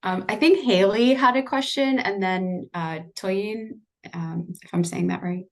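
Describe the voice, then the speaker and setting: A woman's voice: medium pitch, measured pace, vocal fry, a little mellow. A woman hosting a webinar on a video call, responding encouragingly to a guest and passing the floor to the next question. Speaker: webinar host. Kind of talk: moderating a live webinar.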